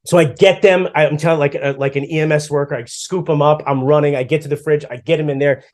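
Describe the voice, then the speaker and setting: A middle-aged man co-hosting a podcast, chatting casually and telling stories with lively acted-out asides. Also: on the high side, fast. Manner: animated storyteller, acts out his own past lines. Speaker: podcast co-host. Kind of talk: casual chat.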